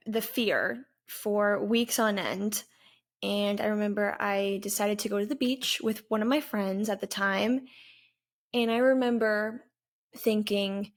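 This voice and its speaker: A woman in her twenties, a vlogger, candidly recounting a personal story in an earnest, halting way with pauses. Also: medium pitch. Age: 20s.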